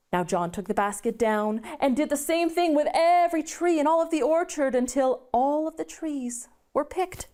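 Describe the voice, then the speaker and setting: A woman telling a story live to children in an animated, dramatic way. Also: sits high, normal speed, hardly any pauses.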